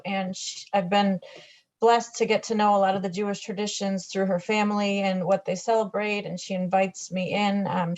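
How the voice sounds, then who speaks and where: A woman speaking earnestly and conversationally in a community discussion over a video call. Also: medium pitch. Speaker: discussion participant. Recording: muffled lo-fi video call audio.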